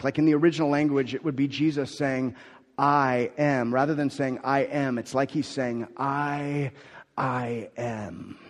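A man's voice: mid-range voice, darkish tone. A man preaching a sermon in an emphatic, conversational way, restarting and repeating words as he goes. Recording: long hall reverb.

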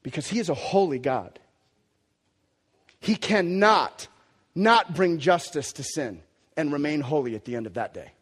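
A male pastor delivering a sermon with a high-pitched voice. He talks casually and with passion, dropping to a near hush and then surging loud again. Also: lively intonation, measured pace, long pauses, breathy edge. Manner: impassioned and conversational, swinging between hushed and loud.

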